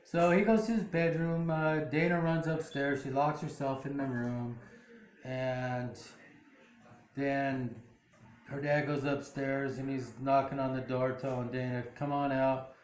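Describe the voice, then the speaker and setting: A man's voice: medium pitch, flat delivery, takes it slowly, echoey room, a little hiss or hum. A man hosting his own channel, casually retelling a drama episode with lots of fillers and restarts. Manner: rambling, many fillers and restarts. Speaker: channel host. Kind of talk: casual plot recap.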